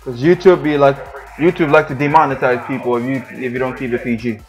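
Speaking briskly in a medium-pitched voice, a young gaming channel host delivers excitable live football commentary, full of yelling, groaning at plays, and frequent complaints. The sound is lo-fi, with faint music behind him.

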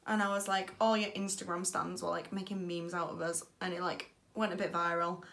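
Bright-voiced young woman vlogger. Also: fairly quick, creaky. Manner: animated, puts on high squeaky voices when quoting. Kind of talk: casual storytelling chat.

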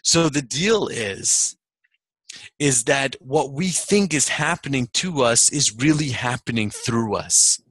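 A man's voice: mid-range voice, takes it slowly, husky, dry recording. A man speaking as a motivational speaker at a seminar, telling a personal story with laughs along the way. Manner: storytelling, animated, laughs often. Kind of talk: seminar talk.

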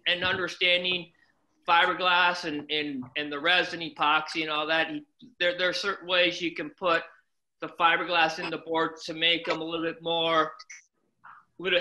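A man hosting a casual chat, reminiscing in a halting way and often repeating his words. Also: a little high, little pitch movement, sharp tone, low-quality recording. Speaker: host.

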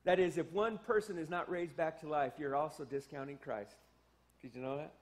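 A man preaching a sermon as pastor, animated and emphatic, with joking asides and exclamations. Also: on the high side, normal speed. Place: church sanctuary.

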